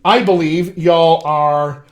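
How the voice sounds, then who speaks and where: A man's voice: fairly high pitch, fairly even intonation. Upbeat man coaching acting on a live stream. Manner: enthusiastic, direct, addresses viewers as friends; slows down to read verse aloud. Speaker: dialect coach. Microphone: webcam or laptop mic on a live stream.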